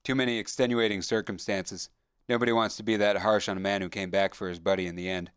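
A man's voice: on the low side, fairly even intonation, quick pace, a bit bright, clean tone, dry recording, close to an everyday voice. A man voicing an army sergeant who speaks in a dry, matter-of-fact way.

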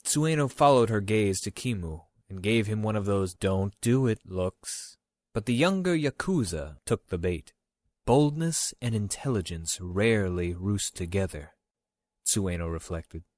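Low-voiced male audiobook narrator. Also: dry recording. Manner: measured, even storytelling.

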